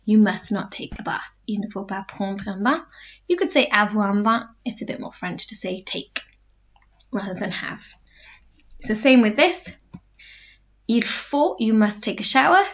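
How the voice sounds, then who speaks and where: Woman teacher going over french answers slowly and patiently, kinda dull lo-fi audio. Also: mid-range voice, lively intonation, a bit bright. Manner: patient, explains step by step, repeats phrases slowly. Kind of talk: recorded online lesson. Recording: dull lo-fi recording.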